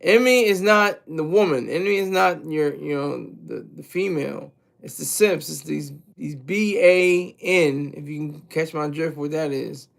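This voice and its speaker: A man's voice: fairly high pitch, moderate pace, vocal fry, hardly any pauses. A man streaming a crude, mocking, rambling commentary rant.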